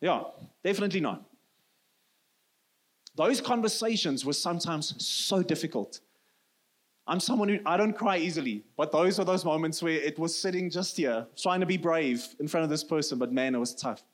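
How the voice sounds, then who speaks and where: A South African pastor in his thirties, a native Afrikaans speaker, delivers an earnest sermon at a normal pace. His intonation is lively, and he often drops into a soft, low voice for emphasis.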